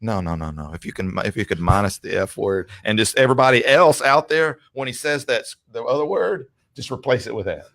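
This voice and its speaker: A man hosting a casual podcast interview, chatty and quick to cut in. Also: medium pitch, lively intonation, gravelly, a bit bright. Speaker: podcast host.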